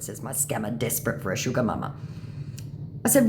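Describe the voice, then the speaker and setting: A woman's voice: very deep voice, wildly swooping pitch, a little fast, slight background noise. A woman casually recounting an online chat in a blunt, scornful and sarcastic way. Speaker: scambaiter narrating her chat. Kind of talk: casual storytelling narration.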